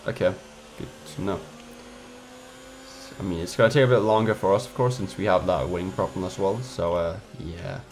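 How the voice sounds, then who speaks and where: A man's voice: low-pitched, fairly even intonation, normal speed, a little mellow, a little hiss or hum. A man giving casual gameplay commentary, frustrated, swearing and trash-talking his rivals. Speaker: gamer.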